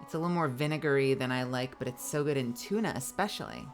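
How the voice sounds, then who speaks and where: A woman's voice: a bass voice, fast talker, soft background music. A woman streamer chatting casually over her gameplay, rambling and jokey and laughing often.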